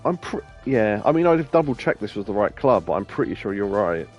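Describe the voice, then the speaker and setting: A man's voice: fairly low pitch, very animated, brisk, darkish tone, dull audio. A man with an English accent giving casual, rambling game commentary as a let's play host, laughing often. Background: game music.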